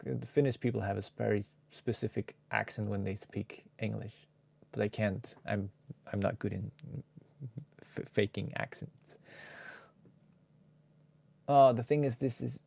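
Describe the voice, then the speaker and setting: Slow, gravelly man chatting on stream. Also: on the low side, mellow. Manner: talks to viewers while working, muttering and sometimes whispering to himself; laid-back, swears casually. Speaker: streamer editing a video live. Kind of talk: casual live-stream chat.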